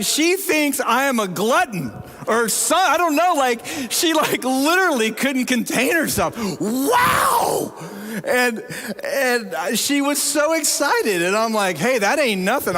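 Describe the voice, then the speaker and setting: Male pastor, high voice, humorous self-mocking sermon, long church reverb. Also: bright, forceful tone. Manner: humorous, self-deprecating storytelling. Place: church sanctuary.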